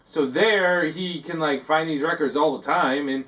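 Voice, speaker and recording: Man, comic host, rambling monologue, halting with "like" and "eh", fairly high voice, distant from the mic. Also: pushed and bright. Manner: halting, full of "like" and tacked-on "eh". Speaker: host of a parody talk segment.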